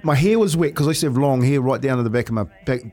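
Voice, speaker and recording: A New Zealand man co-hosting a breakfast radio show, spinning animated childhood yarns and teasing his co-host. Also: medium pitch, racing. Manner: animated yarn-spinner who asks teasing questions. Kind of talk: casual radio banter. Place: radio studio.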